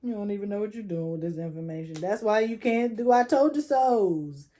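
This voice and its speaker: A young woman gives a relaxed, chatty tarot reading with a mellow, warm tone. She coaches the listener directly and drops in slang as she goes. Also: mid-range voice, brisk. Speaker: tarot reader.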